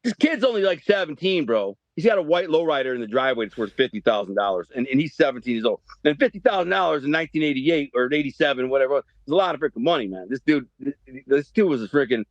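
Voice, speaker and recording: A man in his fifties from the Detroit area, telling a story as a podcast guest in animated, profane street slang. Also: mid-range voice, fast, hardly any pauses, dry recording, lo-fi sound. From Detroit area, Michigan. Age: 50s. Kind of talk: storytelling interview.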